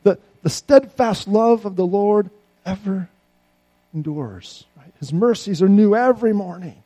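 A man preaching a sermon, swinging between loud, pleading outbursts and quiet, low asides. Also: animated, unhurried, dry recording. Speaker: pastor.

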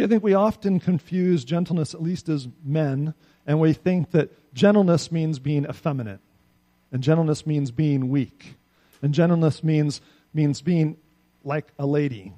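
A middle-aged man delivers a sermon with an easy, conversational warmth, tossing rhetorical questions to his listeners. His voice sits a little higher than most men's yet sounds mellow and soft-edged. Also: measured pace, pauses often. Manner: conversational, animated preaching with frequent rhetorical "right?". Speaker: pastor.

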